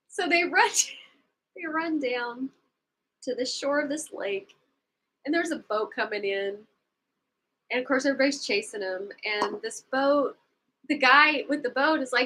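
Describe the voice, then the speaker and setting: A woman's voice: high-pitched, measured pace, pauses often, sharp tone, low-quality recording. A woman co-hosting a casual book club livestream, rambling through a plot recap with asides and chuckles, sometimes acting out the characters' lines.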